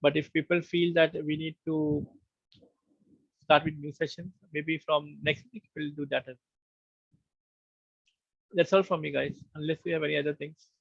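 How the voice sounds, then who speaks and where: Gravelly male instructor. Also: fairly high pitch, level tone, normal speed, pauses often, dry recording. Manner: patient, explanatory, conversational. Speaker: online course instructor. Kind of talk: live online lecture. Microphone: online meeting call. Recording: muffled online call audio.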